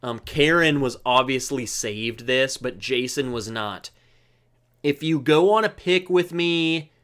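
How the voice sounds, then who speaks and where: A man's voice: on the high side, a bit bright. A man hosting a live stream, chatting casually and joking as he greets viewers by name. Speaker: livestream host. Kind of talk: casual live chat reading viewer comments.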